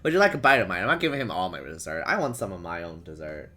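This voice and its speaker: A man's voice: low voice, big pitch swings, racing, bright, forceful tone. A young man streaming, reading a story aloud and chatting in a playful, self-mocking way.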